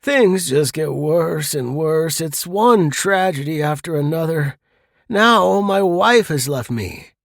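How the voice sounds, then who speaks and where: A man's voice: fairly high pitch, animated, slow pace, gravelly, no room sound, clean studio sound, voice pushed up, exaggerated voice. A man voicing a gloomy, unlucky middle-aged man who is worn down by disasters. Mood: glum.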